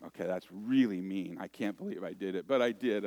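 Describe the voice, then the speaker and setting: A man's voice: sits low, fairly quick, dark tone, dry recording. A middle-aged man preaching a sermon at a church worship service, in a folksy, joking way full of conversational asides and restarts.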